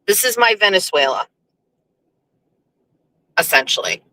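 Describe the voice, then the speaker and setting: A woman hosting her own show, delivering a profane, ranting monologue that swings from low muttering to high indignation. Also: lively intonation, unhurried, sharp tone, no room sound, rough recording. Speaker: host. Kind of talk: casual monologue on a livestream show.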